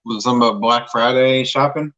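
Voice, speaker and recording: A man's voice: medium pitch, steady tone, quick pace, a bit bright, dull audio. A man in a casual live stream chat, wondering aloud in an easygoing way.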